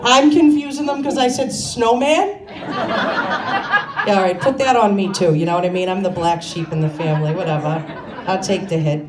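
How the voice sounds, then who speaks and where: A brash, self-mocking woman from Scituate, Massachusetts, USA, performs stand-up on a comedy venue stage before a live audience, rambling with plenty of "you know" asides. Her mid-range voice moves at a moderate pace, captured by a distant mic in an echoey room with loud crowd laughter.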